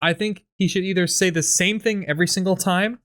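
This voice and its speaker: A man's voice: high-pitched, fairly even intonation, fairly quick, fairly bright tone. A man co-hosting a comedy podcast, chatting casually and rambling through ideas with lots of fillers. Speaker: podcast co-host. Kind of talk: casual chat about sketch writing.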